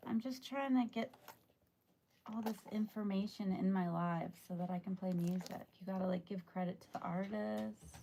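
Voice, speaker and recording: Sleepy gravelly woman chatting on a livestream. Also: mid-range voice, normal speed, mellow, slight background noise. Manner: chatty, greets viewers by name. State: tired, just woke up. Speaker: livestream host. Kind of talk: casual live chat with viewers. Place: home.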